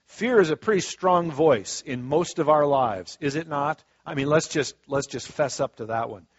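A male preacher giving a sermon in a folksy, conversational way, swinging between soft asides and loud emphatic stretches. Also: a little high, moderate pace, dry recording. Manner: folksy and conversational, acting out quoted voices. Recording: dull, dry lo-fi sound.

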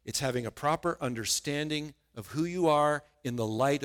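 A man's voice: fairly high pitch, moderate pace. A middle-aged man preaching a sermon in a conversational way, often repeating words as he starts a thought. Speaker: pastor.

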